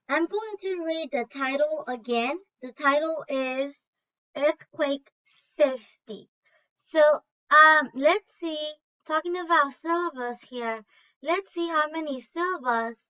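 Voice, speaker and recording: A woman's voice: sits high, pushed and bright. A woman teacher giving a lesson, reading aloud and carefully sounding out syllables and vowel sounds. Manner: slow, deliberate, sounding out words. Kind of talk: online phonics lesson. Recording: dull lo-fi recording.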